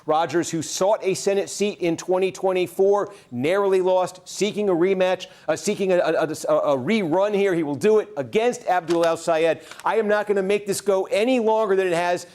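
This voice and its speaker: A man on a live election-night broadcast runs through county vote totals at a quick, steady clip. His voice sits a little high for a man. Between the numbers he turns chatty and eager, with small restarts. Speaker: TV election analyst.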